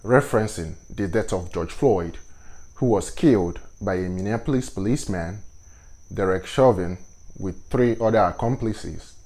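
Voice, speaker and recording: A man with a Nigerian accent, whose first language is Igbo, hosting a vlog and giving commentary on current events in a measured, deliberate and earnest way. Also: lowish voice, a little mellow, slight background noise. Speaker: host.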